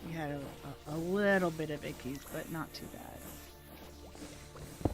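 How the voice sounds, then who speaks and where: A woman's voice: low voice, slow, over music. A woman livestreaming a game from home, chatting playfully and laughing often. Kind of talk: casual gameplay livestream chat.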